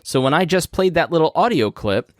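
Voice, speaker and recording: A man hosts a podcast from his studio, walking through a topic step by step in a plain, casual, conversational way. His voice is a little high, with lively intonation and a brisk pace. The studio mic runs through a podcast mixing board, with no room sound.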